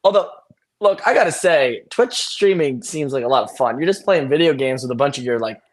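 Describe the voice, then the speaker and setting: A young man, an actor as guest, talking in an animated, storytelling way on a video call. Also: mid-range voice, fairly quick. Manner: animated storytelling, acts out friends' voices. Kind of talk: casual video-call interview.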